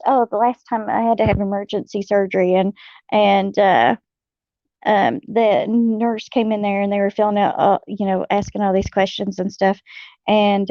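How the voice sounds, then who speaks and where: A middle-aged woman spins folksy stories in a casual chat, laughing often between fillers. Her mid-pitched voice has a gravelly edge. The sound is dry and a little dull, like a lo-fi mic. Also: no room sound. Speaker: host.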